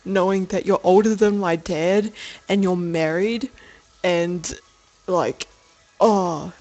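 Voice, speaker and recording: A woman's voice: fairly low pitch, fairly even intonation, slow, a little mellow, highs cut off. A young woman telling a personal story for a video diary, rambling with lots of fillers, laughter and casual swearing. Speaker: video diarist.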